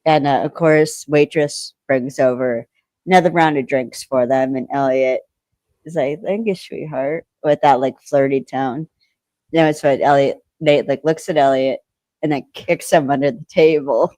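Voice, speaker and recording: A woman co-hosting a podcast, recapping an episode in rambling casual chat and acting out quoted lines, clearing her throat now and then. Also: extremely low pitch, steady tone, moderate pace, dark tone, no room sound. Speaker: podcast co-host.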